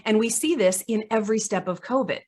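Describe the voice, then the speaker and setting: A woman gives a conference talk over a video call, at a pitch typical for a woman. She is earnest and conversational, poses rhetorical questions to her listeners, and restarts a phrase here and there. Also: fairly quick, a little mellow. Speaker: conference presenter, psychologist. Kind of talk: online conference presentation. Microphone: video call microphone.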